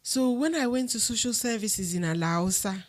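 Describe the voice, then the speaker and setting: A woman's voice: fairly high pitch, normal speed, dry recording. A middle-aged woman from Nigeria with a Nigerian accent, a podcast guest telling her story casually and acting out the dialogue of others. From Akwa Ibom, Nigeria. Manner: animated, acts out dialogue with others.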